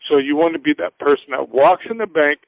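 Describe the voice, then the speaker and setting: A man with a fairly high voice gives earnest, casual business advice as a radio guest. His voice comes through thin and boxy like a phone line, with no room echo. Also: fast talker, creaky. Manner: earnest, acts out little scenes in voices. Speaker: finance guest. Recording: tinny phone-like dry sound.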